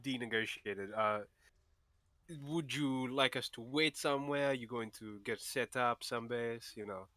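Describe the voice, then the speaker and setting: A man chats casually as a tabletop game player, stopping and restarting. His voice is bright and forward. The sound is dry, with little room. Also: medium pitch, no room sound. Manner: halting, laughs often, restarts. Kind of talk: casual play chat.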